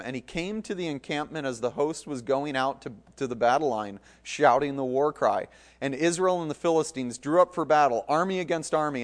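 A man reading a scripture passage aloud in a measured way, adding casual asides of commentary. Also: mid-range voice. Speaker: Bible teacher.

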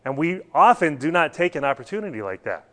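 A man's voice: a little high, very animated, quick pace, a bit bright. A man teaching a church Bible class, talking earnestly and putting questions to his students.

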